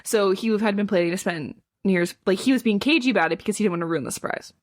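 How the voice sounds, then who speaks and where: A woman's voice: mid-range voice, fast. A young adult woman co-hosting a podcast, recapping a book's plot in casual chat, full of "like" and acting out characters' lines. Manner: chatty, fills with "like", acts out characters' lines. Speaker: podcast co-host.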